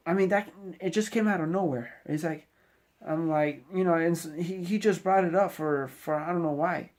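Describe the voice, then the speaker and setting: A middle-aged Navy sailor gives the camera a casual motivational talk in a fairly high, slightly mellow voice at normal speed. He's preachy and rambling, exhorting the viewer directly with frequent "you know" asides.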